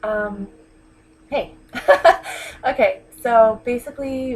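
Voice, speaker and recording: A woman's voice: medium pitch, lively intonation, moderate pace, darkish tone, poor audio. A woman talking heartfelt and rambling in a personal vlog, holding back tears. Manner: heartfelt, rambling, many ums and you-knows. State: close to tears. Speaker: vlogger. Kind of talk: emotional personal vlog monologue. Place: New York.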